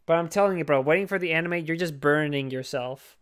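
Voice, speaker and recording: A young man with a smooth, resonant voice that sits a little high for a man, co-hosting a podcast. He chats in a rambling, jokey way, swears casually and fills his talk with "like.". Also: fast talker. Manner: rambling, profane, jokey, full of fillers. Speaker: podcast co-host. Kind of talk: casual chat.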